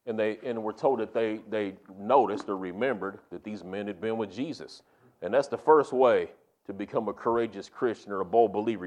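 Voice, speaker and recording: Emphatic folksy preacher man. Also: on the low side. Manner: folksy, emphatic preaching with rising, punchy climaxes. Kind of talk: sermon.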